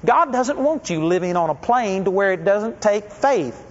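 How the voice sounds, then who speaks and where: High-voiced man preaching in an echoey hall. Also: expressive, moderate pace. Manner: conversational storytelling, direct questions to the congregation. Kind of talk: sermon. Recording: echoey hall, dull lo-fi sound.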